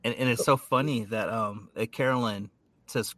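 A man co-hosts a casual podcast with a bright, forward voice, recorded dry and close. He jokes easily and stumbles over his words as he talks. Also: mid-range voice, expressive, moderate pace, no room sound. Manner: joking, chatty, trips over his words. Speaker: podcast co-host. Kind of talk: casual chat.

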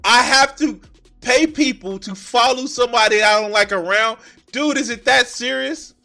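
A man streaming live, reacting to videos with loose, profane, excitable commentary that keeps tipping into giggles. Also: very high-pitched, moderate pace, gravelly, soft background music. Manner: excitable, swearing, breaks into giggles.

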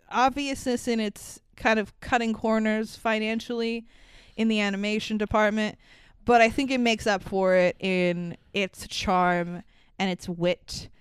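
A woman's voice: medium pitch, clean tone, no room sound. A woman co-hosting a podcast, casually recapping a movie, laughing often and swearing while acting out bits in quotes. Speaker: podcast co-host.

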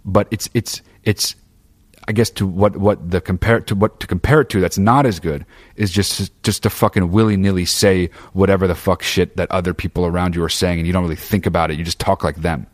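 A man with a notably low, deep voice delivers a loose, profane monologue straight to his listeners. He rambles and restarts his sentences, swearing freely as he pushes his opinions. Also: fairly even intonation, a little fast. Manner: frequent fillers and restarts. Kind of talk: casual monologue.

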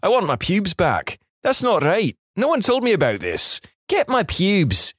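Brief: furious young Scottish patient, still groggy from drugs, yelling complaints in a high, strained voice, put on by a male narrator. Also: huge pitch swings, measured pace, slightly rough, no echo, clean studio sound, exaggerated voice. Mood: outraged. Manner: indignant shouting complaints. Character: furious drugged young Scottish man after surgery.

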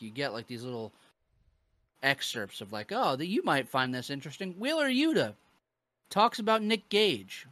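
A man hosting a podcast in a casual, rambling way, swearing and laughing as he goes. His voice is bright and forceful, a bit higher than most, recorded dry and close. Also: no echo. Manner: loose, laughing, peppered with swearing and fillers. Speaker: podcast host.

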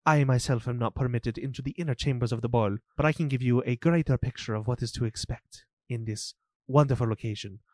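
Man doing a rushed, overly polite steward NPC, dry sound. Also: mid-range voice, a little mellow, dry recording, natural voice. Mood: flustered. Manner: rapid, overly polite formal speech. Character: fawning male estate steward, formal and flustered.

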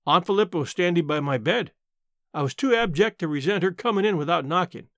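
A man narrating a first-person novel as an audiobook, with expressive storytelling delivery. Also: high voice, fairly quick, no room sound, clean studio sound.

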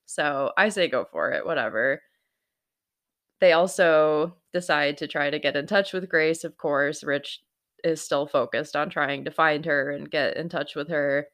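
A woman's voice: deep voice, a little slow, fairly bright tone. A young woman recapping a TV episode in casual chat, laughing often and saying "like" a lot.

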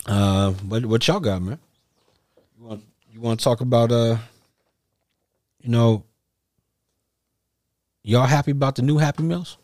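A man hosting a casual podcast chat, telling stories in an animated, profane way. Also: mid-range voice, measured pace, pauses often, no echo, studio quality. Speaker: podcast host.

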